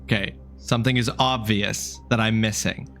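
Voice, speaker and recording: A man's voice: lowish voice, fairly even intonation, moderate pace, fairly bright tone, faint music behind. Chatty man streaming a game. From Canada. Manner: chatty, talks straight to chat, apologetic, swears casually. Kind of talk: live let's-play commentary.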